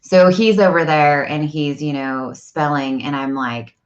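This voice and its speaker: A woman's voice: low voice, measured pace, dull audio. A woman in her forties chatting casually and animatedly as a vlog host at home, telling family stories. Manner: animated storyteller. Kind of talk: casual live-stream chat. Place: home, indoors.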